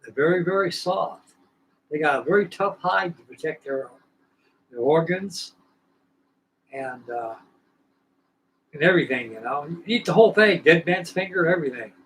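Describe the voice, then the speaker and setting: A man with a slightly raised pitch chats casually and rambles in a folksy way while hosting a model-building livestream from his workbench. A faint hiss sits under his voice. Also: unhurried, pauses often, fairly bright tone, poor audio. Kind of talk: casual chat. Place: home workshop at his workbench.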